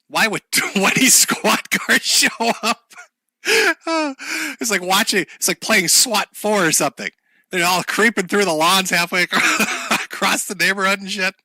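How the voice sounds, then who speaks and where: A man's voice: sits high, unhurried, bright, forceful tone, no room sound. A man hosting a livestream, talking in a sarcastic, profane, casual way and laughing often. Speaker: livestream host.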